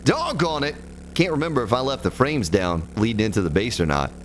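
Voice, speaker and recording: Casual gameplay commentary from a let's play streamer: a man with a mid-range, sing-song voice, speaking a little fast. While streaming a survival game he jokes folksily and greets viewers by name, over game music and a little hiss or hum.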